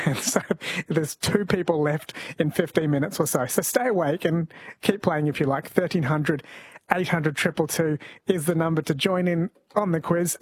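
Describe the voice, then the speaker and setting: A man's voice: fairly high pitch, husky, dry recording. A man hosting an overnight radio show, chatting casually and reading out listener messages.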